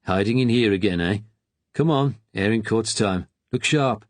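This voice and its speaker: A man's voice: on the low side, moderate pace, no echo, voice pushed up, lightly acted. A man doing a barking Brummy ex-soldier attendant. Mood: brusque. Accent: Birmingham. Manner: barking orders. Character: stern middle-aged male ex-soldier attendant, brusque.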